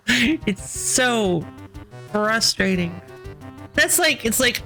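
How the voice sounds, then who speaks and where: Chatty woman streamer, bright voice. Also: mid-range voice, animated, soft background music. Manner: chatty, exasperated, quick to laugh. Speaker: streamer playing a game. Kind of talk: casual chat.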